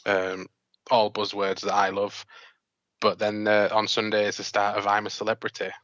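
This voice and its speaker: Flat-toned man, bright. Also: fairly low pitch, moderate pace, no room sound, highs cut off. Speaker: podcast co-host. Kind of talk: casual chat.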